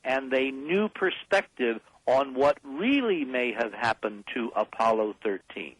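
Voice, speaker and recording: A man's voice: mid-range voice, expressive, measured pace, fairly bright tone, slightly rough, no echo, low-quality recording. A man speaking as a guest on a late-night radio talk show, emphatic and insistent as he rallies the listeners. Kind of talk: impassioned radio call-in talk.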